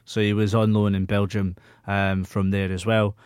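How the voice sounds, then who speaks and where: A man's voice: lowish voice, little pitch movement, moderate pace, darkish tone, clear, resonant tone, no echo, studio quality. A man hosting a casual football podcast, chatty and reading out listener questions. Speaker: podcast host.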